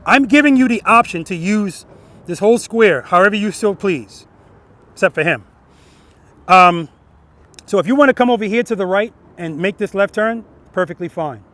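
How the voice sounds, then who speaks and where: A man's voice: high voice, expressive, moderate pace, fairly bright tone. A man teaching a group of riders outdoors as their riding instructor, questioning the group and ending points with "right?". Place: outdoor practice lot.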